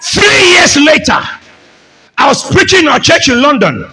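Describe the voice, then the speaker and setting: A man preaching a fervent sermon as pastor, often shouting and calling the congregation to say amen. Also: extremely high pitch, very animated, normal speed, low-quality recording.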